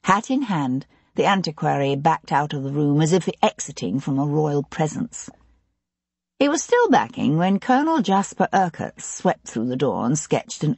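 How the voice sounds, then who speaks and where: A woman narrating an audiobook in a measured, expressive way. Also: sits low, slightly rough, no echo. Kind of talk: scripted narration of a historical mystery.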